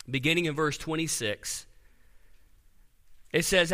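Bright-voiced man preaching in a reverberant hall. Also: a little high, expressive, takes it slowly, pauses often. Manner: earnest preaching, reads scripture aloud, drops soft on key words. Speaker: pastor. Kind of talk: sermon. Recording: long reverb of a large hall.

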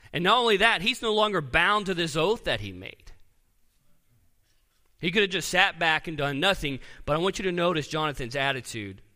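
A pastor preaching a sermon, reading scripture aloud with earnest emphasis and dropping soft on key words. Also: male voice, on the high side. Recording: long reverb of a large hall.

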